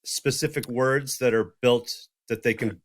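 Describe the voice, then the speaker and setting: Male co-host, mid-pitched voice, inquisitive and casual. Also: steady tone, a little slow. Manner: inquisitive, asks probing questions. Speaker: podcast co-host. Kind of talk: casual podcast conversation.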